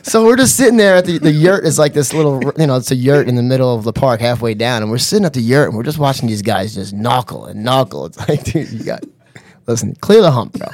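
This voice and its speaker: A man telling a funny story in casual chat, animated and laughing often, with lots of "you know" and "bro". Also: mid-range voice, quick pace, no echo. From New York area. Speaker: podcast guest.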